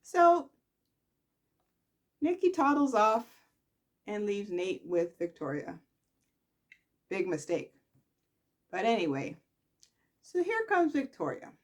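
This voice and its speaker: Brief: woman recap host, casual and sassy, expressive, slow-paced delivery. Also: mid-range voice. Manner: chatty, sassy, animated storytelling. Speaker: soap opera recap host.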